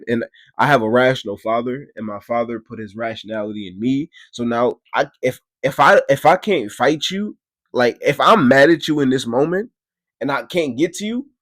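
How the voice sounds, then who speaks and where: A man casually telling a story, profane and animated, his voice jumping high and loud when he gets excited. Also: no room sound.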